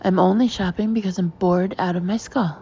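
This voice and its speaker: A woman's voice: medium pitch, fairly even intonation, fairly quick, mellow, lo-fi sound, slight background noise, natural voice. A woman voicing a bored woman shopper who sounds fed up.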